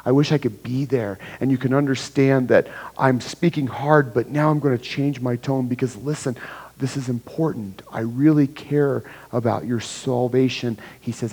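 Medium in pitch, slightly rough and somewhat dark in tone, this pastor's voice fills a church sanctuary with long hall reverb. He goes through scripture one verse at a time in his sermon, performing the dialogue it quotes.

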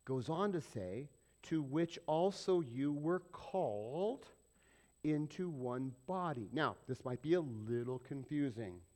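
A middle-aged man preaching to his church in a loose, talky style. His voice sits a little higher than most men's, and he keeps throwing questions at the listeners and playing out bits of dialogue. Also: expressive, slow pace, darkish tone. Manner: conversational preaching with rhetorical questions and acted-out dialogue. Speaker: pastor. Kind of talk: sermon.

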